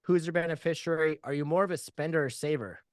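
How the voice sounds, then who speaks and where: A man's voice: on the high side, fast talker, no room sound, studio quality. Upbeat male insurance sales trainer. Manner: upbeat, joking, walks through client questions. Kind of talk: sales training talk with role-play.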